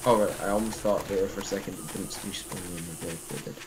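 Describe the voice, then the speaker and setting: A young man playing a game with friends, teasing them and reacting loudly when things go wrong. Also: low voice, fairly even intonation, fast. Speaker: gamer. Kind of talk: casual gameplay chat. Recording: noisy recording.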